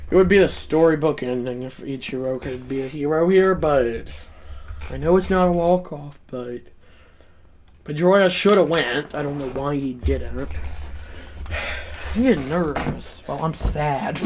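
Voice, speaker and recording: A man livestreaming a baseball video game, commentating his own play and bursting into shouted home-run calls. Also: a little high, measured pace, slight background noise. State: out of breath. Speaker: gaming livestreamer. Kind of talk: live gameplay commentary.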